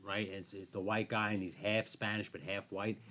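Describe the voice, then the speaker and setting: A man's voice: fairly low pitch, little pitch movement, normal speed, sharp tone. A man co-hosting a casual podcast, joking around and slipping into silly voices. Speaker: podcast co-host. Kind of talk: casual chat.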